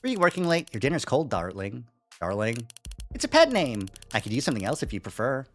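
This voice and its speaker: A streamer voicing a smooth-talking AI companion who flatters the player, calls them darling and pushes paid upgrades, reading game dialogue aloud. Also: mid-range voice, fairly quick, a little hiss or hum, close to an everyday voice. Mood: affectionate.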